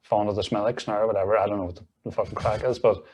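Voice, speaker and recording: A man's voice: lowish voice, fairly even intonation, racing, a little mellow, a little hiss or hum. A young man with a Northern Irish accent, chatting as a guest on a comedy podcast with sweary, jokey banter. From Northern Ireland. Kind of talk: casual comedy chat.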